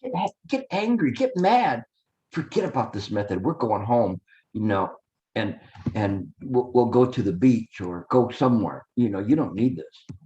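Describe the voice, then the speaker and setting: A man's voice: mid-range voice, animated, unhurried, warm tone, pitched below the performer's own voice, close to an everyday voice. A man voicing the ego as a coaxing, scoffing male inner tempter, in a dismissive, wheedling tone, on a dull lo-fi recording.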